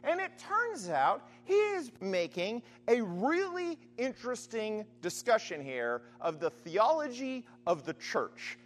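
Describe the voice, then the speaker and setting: A man preaching a sermon in a conversational, animated way, often checking in with the listeners. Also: very high-pitched, slow pace, few pauses, long reverb tail, slight background noise. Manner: animated, conversational, frequent "right?" asides.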